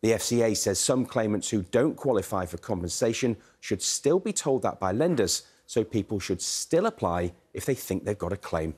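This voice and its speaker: Man, business correspondent, low voice, breathy, measured news read. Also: expressive, darkish tone. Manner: measured, explanatory delivery. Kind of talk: news report.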